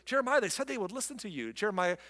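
A pastor preaching a sermon, reading scripture and adding conversational, joking asides. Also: male voice, sits high, very animated, very fast, pushed and bright, big-room sound.

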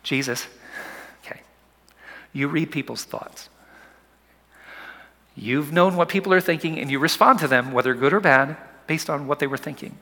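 A man preaching a sermon, swinging from soft whispers to loud, urgent calls. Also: a little high, normal speed, long pauses, big-room sound. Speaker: pastor.

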